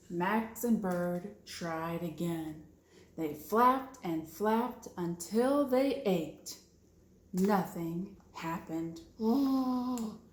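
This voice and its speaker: A woman librarian reading a picture book aloud for preschoolers, with gentle asides to the children. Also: mid-range voice, echoey room. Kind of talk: storytime read-aloud for preschoolers.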